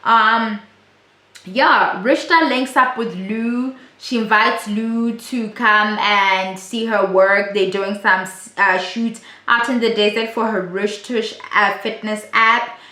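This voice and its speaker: A woman's voice: mid-range voice, takes it slowly, bright, forceful tone. Blunt woman in a roomy room. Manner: chatty, blunt and profane. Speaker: reality TV recap vlogger. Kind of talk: casual recap commentary. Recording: roomy echo.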